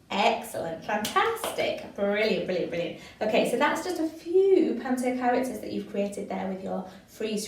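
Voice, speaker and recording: A woman leading a drama game, calling out countdowns and warm praise in a fairly high voice. She sounds set back from the mic in a very echoey room. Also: far from the mic. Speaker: drama workshop leader.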